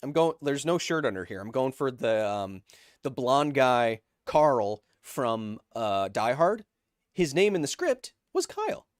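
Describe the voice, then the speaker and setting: A man's voice: mid-range voice, very animated, measured pace, no room sound, clean studio sound. Joking man hosting a livestream. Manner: joking, playfully self-mocking. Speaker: livestream host reading donations. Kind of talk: casual livestream chat.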